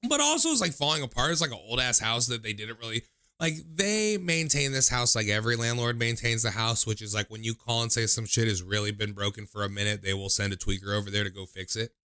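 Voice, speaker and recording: A man's voice: animated, quick pace, pushed and bright, clean tone, no room sound, clean studio sound. Profane, rambling young streamer guy. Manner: profane, rambling, lots of "like" fillers; mimics people in high voices when quoting. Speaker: livestream host taking call-ins. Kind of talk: casual storytelling chat.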